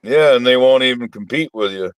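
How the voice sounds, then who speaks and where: A man's voice: mid-range voice, fairly quick, clean tone, dry recording. A man talking as a guest dog breeder in a casual podcast chat, speaking in a blunt, boastful way.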